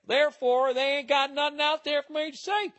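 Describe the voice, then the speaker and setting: A man's voice: very high-pitched, fairly even intonation, a little fast, fairly bright tone, voice pushed up. A man voicing a stereotyped rural Southern man who scorns the outdoors, in a put-on Southern US accent with a drawling, mocking manner. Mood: dismissive.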